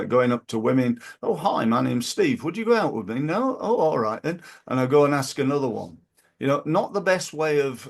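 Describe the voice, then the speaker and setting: A man's voice: mid-range voice, vocal fry. A man talking casually about marketing as a business coach, rambling and acting out little scenes.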